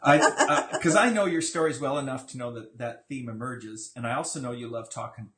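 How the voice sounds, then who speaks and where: A man's voice: mid-range voice, fairly quick, a bit bright. Playful man interviewing in an echoey room. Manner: playful, teasing. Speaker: interviewer, author. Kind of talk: casual interview.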